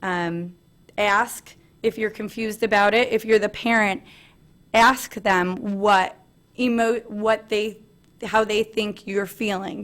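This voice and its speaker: A woman in her thirties giving an earnest personal presentation at a family meeting, pausing often on "um". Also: medium pitch, steady tone, fairly bright tone. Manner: earnest, frequent "um" fillers, light laughs.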